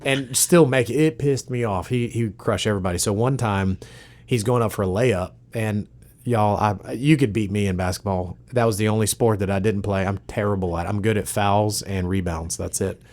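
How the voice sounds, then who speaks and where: Man, low-pitched, casual podcast co-host, animated joking storyteller. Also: normal speed.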